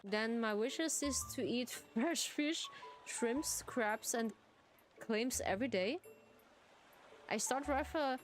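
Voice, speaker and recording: A German-speaking woman streams a game, reading lines aloud and giggling as she chats. Her voice is fairly high and she talks slowly. Soft game music plays behind her. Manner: reads game text aloud, giggly, restarts words. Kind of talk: live game playthrough commentary.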